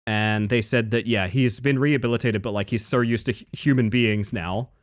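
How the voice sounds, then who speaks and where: A man's voice: mid-range voice, steady tone, moderate pace, no echo, studio quality. A young Australian man streaming live, rambling and joking with his chat and swearing freely.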